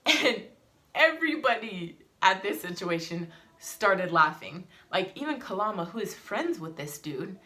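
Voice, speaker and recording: Heated, swearing mom telling a story. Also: female voice, mid-range voice, sing-song, a little slow, bright, forceful tone. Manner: heated, emphatic retelling with swearing. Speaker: mother and family vlogger. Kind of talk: casual vlog storytelling.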